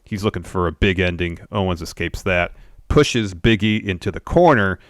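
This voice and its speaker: A man's voice: sits low, moderate pace, dry recording, clean studio sound. A man co-hosting a podcast, methodically retelling a wrestling show's events step by step. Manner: steady, methodical retelling with fillers. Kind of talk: play-by-play recap.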